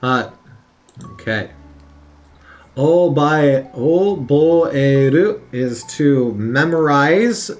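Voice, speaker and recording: Slow, lively-pitched man studying aloud. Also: faint music behind. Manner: thinks aloud, repeats words over and over, many fillers. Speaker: language learner studying on video. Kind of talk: casual study commentary. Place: at his work computer on lunch break.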